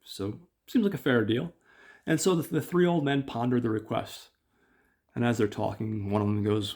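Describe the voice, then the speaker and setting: Gravelly man casually retelling a story. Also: medium pitch, normal speed, darkish tone. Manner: loose, filler-heavy retelling. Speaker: podcast host. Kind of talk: casual recap and read-aloud. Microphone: camera on tripod.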